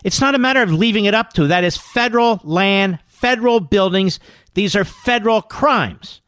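Male radio host, fiery scornful commentary; slightly high voice, dry close studio mic. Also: expressive, normal speed, a bit bright, no room sound. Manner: combative, scornful, emphatic. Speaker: radio talk show host.

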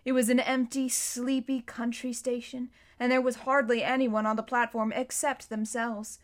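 Woman audiobook reader, fairly high voice, even and unhurried narration. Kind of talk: storybook narration.

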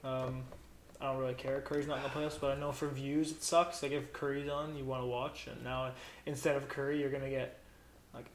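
A man co-hosting a casual sports podcast, cutting in with teasing jokes and quick remarks. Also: medium pitch, little pitch movement. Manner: teasing, cuts in jokingly. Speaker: podcast co-host. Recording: echoey room, faint noise.

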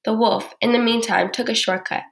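A woman narrating a children's storybook in an expressive, measured way. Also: fairly high pitch, creaky. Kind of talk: storybook reading.

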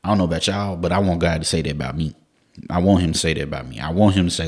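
Man, very low voice, casual devotional preacher, repeats lines for emphasis, slangy. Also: very fast, darkish tone, husky. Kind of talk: informal Bible devotional talk.

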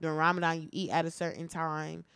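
A woman's voice: sits low, flat delivery, fast talker, gravelly, fairly bright tone, clear, resonant tone, dry recording. Reflective New woman co-host. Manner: reflective, talks through ideas at length. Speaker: podcast co-host. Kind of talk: casual podcast chat.

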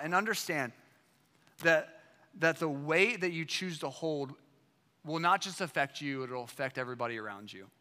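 Bright-voiced man preaching a sermon. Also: a little high, big-room sound. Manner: emphatic, full of rhetorical questions. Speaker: pastor.

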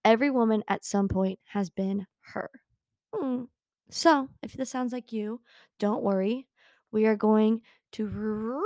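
A woman's voice: mid-range voice, measured pace, darkish tone, no room sound, clean studio sound. A young woman hosting a casual talk show, chatty and bubbly, giggling often as she reads from a book. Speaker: podcast host. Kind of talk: casual chat with book readings.

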